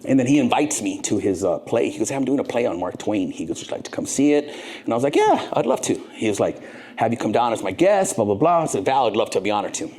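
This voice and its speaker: Middle-aged man, husky voice, animated storyteller, swears freely, plays every part of the dialogue himself. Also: medium pitch, fast. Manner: lively, profane, acts out both sides of dialogue. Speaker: podcast guest.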